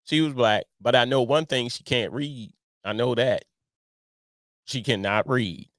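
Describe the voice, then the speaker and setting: A middle-aged man hosting a casual commentary show, talking in an animated way, repeating himself and firing off rhetorical questions. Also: medium pitch, measured pace, dry recording, clean studio sound. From Baltimore. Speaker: online show host.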